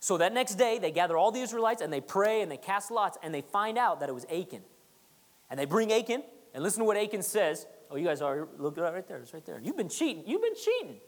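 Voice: mid-range voice, lively intonation, fast. A pastor preaching a sermon in a conversational way, hammering points through repetition and teasing the congregation. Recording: long reverb of a large hall.

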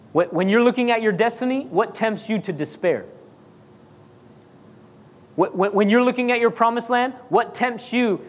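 A pastor preaches emphatically, asking the congregation question after question and hammering points through repetition. His voice sits high for a man. The sound carries a long reverb, as in a large church hall. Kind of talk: sermon.

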